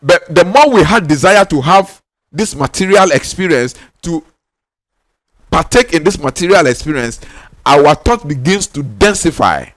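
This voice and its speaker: A man's voice: fairly high pitch, animated, fairly bright tone, no echo. Ghanaian male spiritual teacher, raised voice, insistent delivery, dry room. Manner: emphatic, repeats key lines for stress; insistent, drawn-out stressed words.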